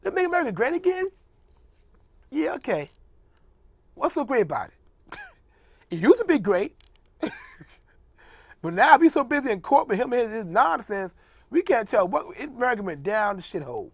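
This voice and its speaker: A man's voice: very high voice, sing-song, moderate pace, long pauses, slightly rough, no echo. A man hosting a casual comedic monologue, joking and mocking as he rambles, laughing often. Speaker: host.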